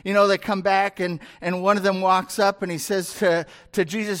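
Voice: medium pitch, little pitch movement, moderate pace, hardly any pauses, fairly bright tone. A pastor delivering a sermon in a conversational, storytelling way, acting out the scenes.

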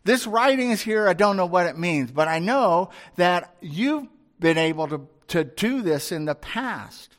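A man's voice: high-pitched, lively intonation, measured pace, fairly bright tone. A man voicing an arrogant ancient king who mocks and talks down to a prophet, in the middle of a sermon. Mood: condescending. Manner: mocking, talking down.

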